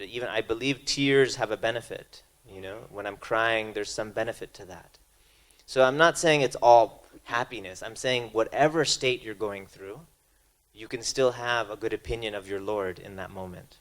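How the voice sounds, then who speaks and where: A man with a lowish, slightly bright voice speaks at a moderate pace during a spiritual lecture at a religious talk. He is conversational and tells stories, often restarting his phrases.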